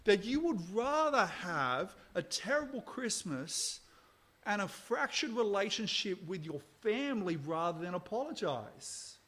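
A man in his thirties preaching a Christmas sermon, telling stories with swings between soft asides and loud outbursts. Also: sits high, sing-song, a little slow.

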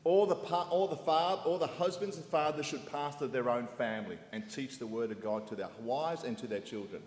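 A man preaching a sermon in a church hall in short phrases, pausing so an interpreter can follow. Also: mid-range voice, a little mellow. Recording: echoey hall with long reverb.

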